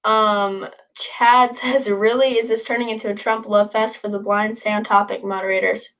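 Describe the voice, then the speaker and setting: A woman's voice: medium pitch, little pitch movement, moderate pace, a bit bright. Chatty young woman hosting a livestream. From northern United States. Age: late teens. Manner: chatty, rambling, upbeat, reads comments aloud. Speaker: livestream host. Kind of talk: casual livestream chat reading viewer comments.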